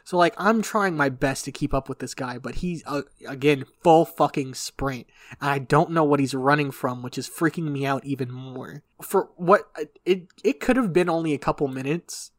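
A man's voice: fairly high pitch, normal speed, no echo. A young man telling a long story in casual podcast chat, rambling and swearing, often laughing. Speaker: podcast co-host.

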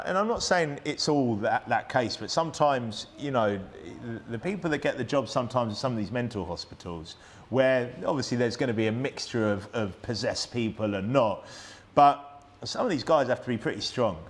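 A man with a British accent preaching a sermon in a church, talking conversationally with frequent restarts and tag questions. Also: mid-range voice. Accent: British English. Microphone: plugged-in microphone.

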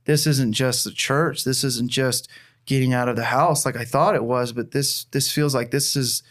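This man's voice sits at medium pitch, slightly bright, with fairly even intonation and normal speed. He's a church planter giving a personal testimony in conversation, earnest and heartfelt, frequently starting his sentences over.

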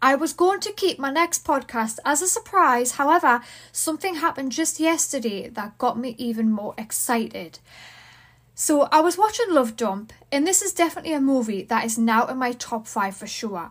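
High-voiced excitable Geordie woman. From Newcastle, England. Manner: excitable, fast and gushing. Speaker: podcast host. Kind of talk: casual podcast chat.

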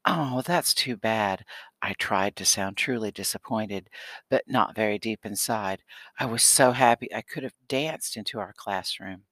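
A man reads a children's novel aloud in a steady, expressive way. His voice sits low but sounds bright and forceful. The recording is close and dry, with no room sound. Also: moderate pace, no echo. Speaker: audiobook narrator. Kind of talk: scripted audiobook narration.

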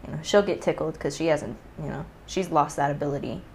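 A young woman from Hawaii in casual chat, a relaxed and supportive talker who laughs often. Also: low voice, brisk, slight background noise. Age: young adult.

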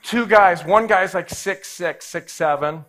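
A man's voice: sits high, a little slow. A man in his forties, a pastor telling a personal story in a sermon and acting out the voices in it. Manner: animated, acts out every voice in his story.

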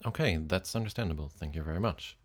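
A man's voice: low voice, fast, husky. A man interviewing a guest, asking short questions and summarizing answers.

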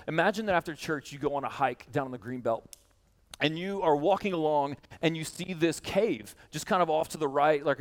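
A man preaching a sermon to a congregation, telling a story with lively energy and addressing his listeners directly. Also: high voice, big-room sound. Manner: animated storytelling, speaking straight to the congregation. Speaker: pastor. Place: church hall.

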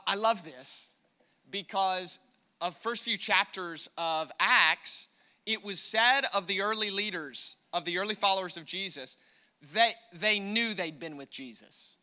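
A man's voice: high-pitched, a little slow, smooth. An American man preaching a sermon, emphatic and repetitive, calling on the congregation to respond. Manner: emphatic preaching, rising loud on key points, repeats words. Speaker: pastor.

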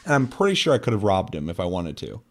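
A young man with a deep voice and huge pitch swings talks fast on a podcast. He rambles and swears through his stories, packing them with filler words in a casual chat.

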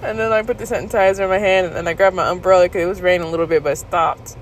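A woman vlogger casually recounting a story to her viewers, candid and laughing, jumping into high squeals when she quotes herself. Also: racing, a little hiss or hum, poor audio. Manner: animated retelling, jumps to high squeals when quoting herself.

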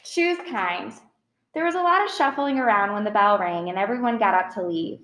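A woman's voice: medium pitch, lively intonation, moderate pace, fairly bright tone. A woman narrating an audiobook in the first person, plain and earnest. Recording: roomy echo.

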